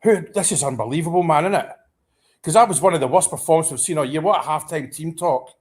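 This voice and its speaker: A man reacting live as a football fan, excitable and anxious, stammering and restarting his sentences. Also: on the high side, fast. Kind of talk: live match watchalong reaction.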